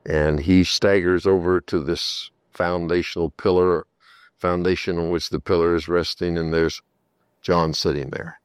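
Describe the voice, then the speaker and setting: Man, preacher, very low voice, emphatic sermon storytelling, dry close sound. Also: little pitch movement, unhurried, smooth, no room sound.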